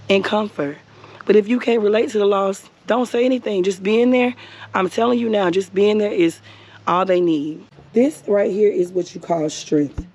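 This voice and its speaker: A young woman speaks to the camera outdoors beside a grave in a middle-pitched voice. She talks earnestly and encouragingly, circling back to the same phrases for emphasis. She addresses her viewers directly and informally. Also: a little mellow, breathy edge. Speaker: vlogger. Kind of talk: heartfelt talk to camera.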